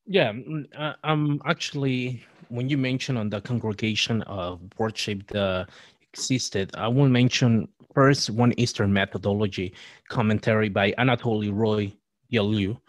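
A man appearing as a podcast guest, talking in a halting, scholarly way with frequent restarts. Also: lowish voice, no room sound. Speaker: guest, Catholic writer and presenter. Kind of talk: podcast discussion.

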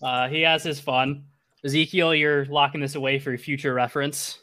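Bright-voiced young man running a game. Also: a little high, level tone. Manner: halting, many restarts and fillers. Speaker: game master. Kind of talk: narrating a tabletop game.

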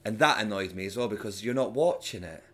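Lively Scottish man telling stories. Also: on the low side, fast talker. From Scotland. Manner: animated storyteller, mimics hecklers with loud sudden shouts. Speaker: stand-up comedian, guest. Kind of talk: casual podcast chat.

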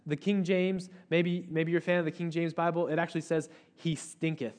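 A man preaching a sermon, telling a story in an animated way with playful asides. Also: on the high side, a little slow, pauses often. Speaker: pastor.

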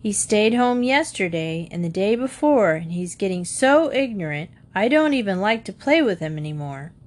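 A woman's voice: medium pitch, lively intonation, moderate pace, natural voice. Woman doing a scornful tattling boy.

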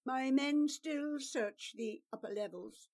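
A woman voicing a stern, loyal male guard captain who speaks gruffly and deliberately in a storybook reading. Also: high voice, a little mellow, voice pushed up. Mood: grave.

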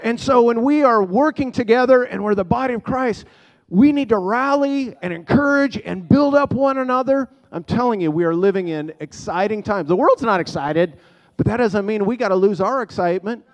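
A man's voice: sits high, normal speed. A man preaching in a church, speaking in an encouraging, preacherly way. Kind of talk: church sermon. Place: church sanctuary.

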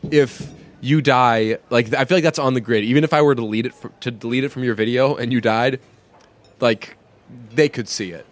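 A man's voice: medium pitch, fairly even intonation, a little fast. A young man co-hosting a podcast in casual chat, rambling through stories and laughing often. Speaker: podcast co-host.

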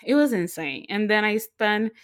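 A young woman co-hosting a podcast, telling a story in a casual, excitable way, full of fillers and restarts. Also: mid-range voice, normal speed. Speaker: podcast co-host. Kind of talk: casual chat.

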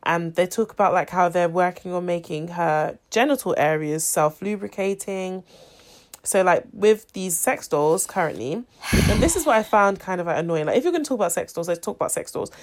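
A woman's voice: on the low side, animated, brisk. A woman co-hosting a podcast, chatting casually about a documentary, opinionated and full of filler words. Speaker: podcast co-host. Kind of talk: casual chat reviewing a documentary.

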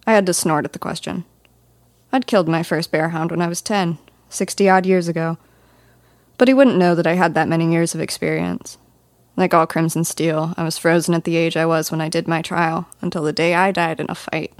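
A woman's voice: on the low side, fairly even intonation, moderate pace, no room sound. A woman narrating a first-person fantasy audiobook in a dry, wry storytelling manner.

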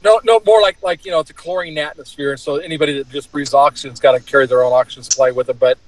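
Quick, higher-voiced man. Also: fairly even intonation, dry recording, rough recording. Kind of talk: casual podcast chat.

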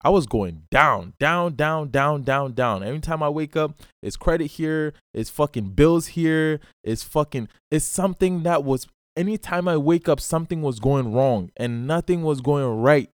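A fairly high-voiced man talks straight at his listeners in a solo podcast, bluntly and profanely urging them to get up and act. The sound is dry and close, with no room around it. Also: animated, normal speed, few pauses, clear, resonant tone, no echo. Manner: blunt, profane, preachy, calls listener bro. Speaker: podcast host. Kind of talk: solo motivational podcast monologue.

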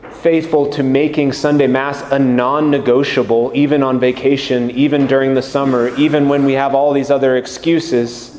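A male priest giving a slow, gentle, earnest homily. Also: mid-range voice, slight background noise. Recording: echoey room with long reverb.

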